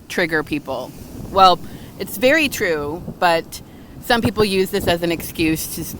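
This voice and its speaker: A woman's voice: sits low, fairly bright tone, slight background noise, rough recording. A middle-aged woman telling a story in a loose, chatty vlog, full of filler words and restarts, recorded outdoors by the water on a phone. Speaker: vlogger. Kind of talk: casual storytelling monologue.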